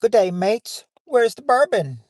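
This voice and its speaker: A man putting on an imitated Australian or New Zealand accent to play a brash, laid-back bloke demanding eggs, in a hammy, drawn-out way. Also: high-pitched, sing-song, no room sound, clean studio sound, voice pushed up.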